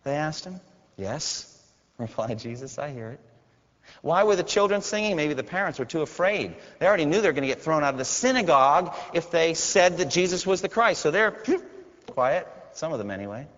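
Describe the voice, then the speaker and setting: A male pastor preaching a sermon, swinging dramatically between loud cries and hushed, quiet lines. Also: on the high side, lively intonation, fast talker. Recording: dull sound with long hall reverb.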